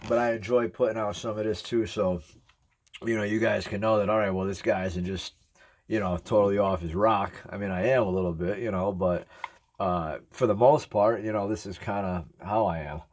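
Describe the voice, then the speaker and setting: In a fairly low, slightly mellow voice with fairly even intonation, a man in his 40s chats to camera at normal speed. This ASMR YouTuber eats as he talks, earnestly rambling and reflecting for his viewers.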